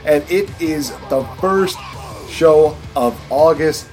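A man's voice: fairly high pitch, slow pace, faint music behind. A man hosting a wrestling podcast in a hyped, announcer-like casual chat. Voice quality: hype, announcer-like delivery. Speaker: podcast host.

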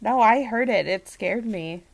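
A woman co-hosting a casual podcast, telling stories in an expressive way. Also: a little high, a little slow, gravelly. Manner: expressive storyteller. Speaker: podcast co-host.

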